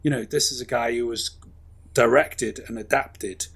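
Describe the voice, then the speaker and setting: A man's voice: mid-range voice, steady tone, normal speed, creaky, a bit bright, breathy edge. A man co-hosting a film review podcast, chatting casually and rambling enthusiastically with many fillers and asides. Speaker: podcast co-host.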